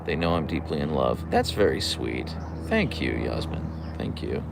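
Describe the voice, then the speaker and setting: Young male streamer, low and gravelly, lively pitch, dry sarcastic chat reader. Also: moderate pace, very noisy. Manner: dry sarcastic banter, reads chat names aloud; often trails off into low gravelly murmurs. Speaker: livestream host reading chat. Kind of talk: casual livestream chat.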